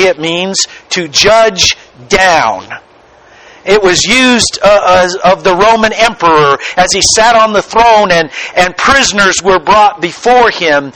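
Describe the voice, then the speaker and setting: A man preaching a sermon as pastor, slow and emphatic, stretching out key words for weight. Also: high voice, pushed and bright, poor audio.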